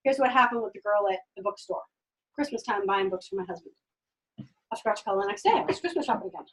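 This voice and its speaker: A woman giving an energetic sales training talk, acting out customer conversations and repeating words for emphasis. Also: medium pitch, quick pace. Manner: energetic, acts out customer dialogues. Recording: voice from a distant mic.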